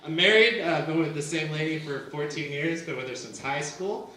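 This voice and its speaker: Performing stand-up for a live crowd at a small club, a young man riffs in a self-deprecating, conversational way, peppering everything with "like" and "you know." He speaks briskly in a slightly high voice, recorded far from the mic with strong echo and background noise.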